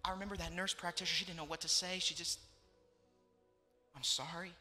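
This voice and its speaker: A man's voice: high-pitched, steady tone, brisk, sharp tone, in a large hall, faint music behind. A young adult man preaching a sermon, pastor telling a personal story with emotional repetition. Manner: emotional storytelling, repeating phrases for emphasis.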